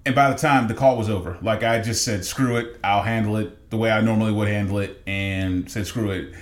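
A man's voice: on the low side, fairly even intonation, fairly quick. A man co-hosting a podcast, ranting casually and profanely about his annoyances. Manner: exasperated ranting, mimicking others. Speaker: podcast co-host. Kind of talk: casual chat.

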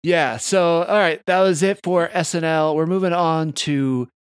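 A man's voice: on the high side, steady tone, unhurried, clean tone, dry recording, studio quality. A man hosting a casual podcast, steering the conversation between topics and laughing along with his co-hosts. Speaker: podcast host. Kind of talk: casual chat.

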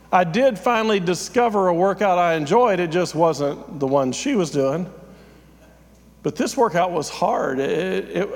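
A man's voice: sits high, long reverb tail. A man, a pastor, giving a conversational, self-deprecating sermon with frequent fillers.

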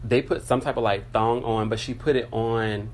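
A man's voice: mid-range voice, fairly even intonation, normal speed. A man co-hosting a podcast, teasing his co-host and telling stories in casual chat. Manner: teasing, storytelling.

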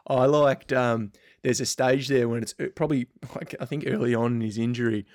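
A man's voice: mid-range voice, steady tone, a little fast, darkish tone, no room sound. A man co-hosting a casual chat, telling stories with dry humour. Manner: dry, joking storyteller.

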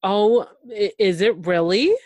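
A woman hosting a casual TV recap chat, animated and gushing, acting out quotes from the show. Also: mid-range voice, a little slow, dry recording. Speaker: podcast host.

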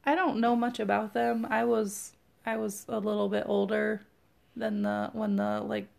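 A woman's voice: medium pitch, flat delivery, moderate pace, vocal fry, darkish tone. A woman co-hosting a podcast, chatting casually and hesitantly with frequent ums. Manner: hesitant, trailing off, many ums. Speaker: podcast co-host. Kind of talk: casual chat.

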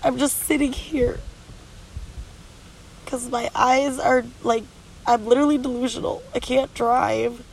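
A worn-out woman talks frankly to the camera while sitting at the beach, her voice crackling with gravelly fry. She sounds drained and tearful, with a stuffy nose, and her rambling talk is blunt and full of swearing. Soft outdoor ambience sits faintly behind her. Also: fairly high pitch, fairly even intonation, measured pace, pauses often. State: exhausted and sleep-deprived. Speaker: vlogger. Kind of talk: candid confessional vlog.

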